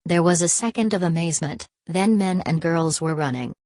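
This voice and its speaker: A woman narrating a classic novel as an audiobook in a steady, measured way. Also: lowish voice, no echo. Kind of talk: novel reading.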